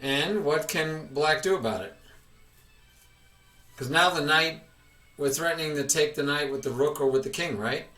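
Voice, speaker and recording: A man's voice: on the high side, normal speed, long pauses, pushed and bright, soft background music. A man teaching a chess lesson, patiently quizzing his student with questions, recorded with room echo from a distance.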